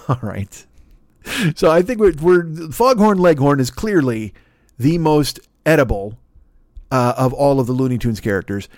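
A man's voice: on the high side, darkish tone, no echo, clean studio sound. A man hosting a podcast, delivering a rambling, profane comedic monologue full of restarts and stammers. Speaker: podcast host.

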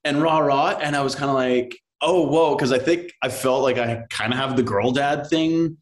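A man in his thirties, an actor chatting as a podcast guest, rambling and animated with lots of fillers. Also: medium pitch, moderate pace. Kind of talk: casual interview chat.

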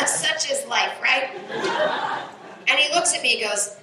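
A woman in her forties doing a stand-up set on a club stage, talking in an animated way, swearing and rising to high shouts. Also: unhurried, long pauses. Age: 40s. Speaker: stand-up comedian. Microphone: handheld stage mic into sound board. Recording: echoey club recorded off the sound board, noisy.

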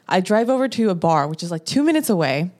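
A woman guest on a podcast, telling a story in a casual, animated way and acting out her own lines. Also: fast. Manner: animated, acts out her own quotes with rising pitch.

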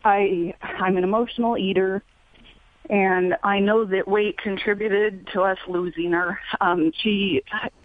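A woman calling in to an advice show, talking haltingly and emotionally with many pauses. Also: mid-range voice, steady tone. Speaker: caller. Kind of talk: call-in conversation. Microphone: phone. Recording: phone line.

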